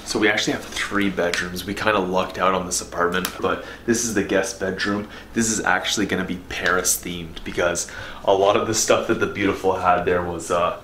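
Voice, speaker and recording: A man's voice: sits low, steady tone, a little fast, pushed and bright, reverberant, slight background noise. A young man in his twenties chatting casually and upbeat as a fitness vlogger, walking through his apartment. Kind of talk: casual vlog chat. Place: apartment at home.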